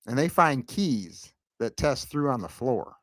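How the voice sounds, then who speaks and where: A man's voice: medium pitch, big pitch swings, unhurried. A man hosting a casual recap chat, laughing often and reading viewer comments aloud. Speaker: podcast host.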